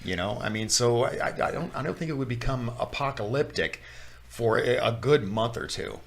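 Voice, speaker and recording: A man's voice: mid-range voice, animated, moderate pace, gravelly, a bit bright. Guy rambling on a chat podcast, keeps restarting his sentences, laughs a lot. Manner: rambling, restarts often, laughs while talking. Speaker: podcast co-host. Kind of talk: casual chat.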